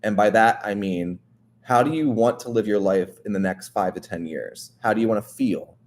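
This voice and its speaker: A man's voice: lowish voice, normal speed, darkish tone. A man hosting a wellness show, talking earnestly and directly to the listener in a casual, coaching way, often checking in with "right?". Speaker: wellness podcast host. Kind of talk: motivational casual talk.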